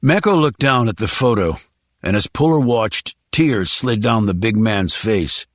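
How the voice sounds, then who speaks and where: A male audiobook narrator reads a script in an even, measured storytelling manner. His voice is lowish, recorded at studio quality without echo.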